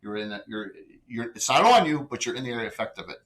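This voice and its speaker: A man running a tabletop game as game master, chatty and loose, with quick rules asides. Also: mid-range voice, animated, fairly bright tone, low-quality recording.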